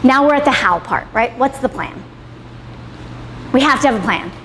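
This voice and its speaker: A woman's voice: sits high, animated, moderate pace. A woman in her thirties running a motivational class, talking emphatically, swearing freely and ending points with "right?". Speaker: class leader. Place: salon in a roomy hall. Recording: reverberant room, faint background noise.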